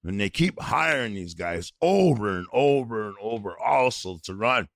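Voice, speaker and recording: A man's voice: lowish voice, animated, moderate pace, a bit bright, no echo, clean studio sound. A middle-aged man from North Dakota, co-hosting a podcast in a heated, blunt rant full of swearing. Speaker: podcast co-host. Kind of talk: angry outspoken podcast rant.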